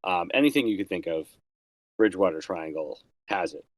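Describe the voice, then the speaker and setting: Podcast host, man from New England; low, lively voice, rambling and full of fillers, dry close sound. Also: a little fast, dry recording. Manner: rambling, filler-heavy, crude jokes. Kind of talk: casual chat.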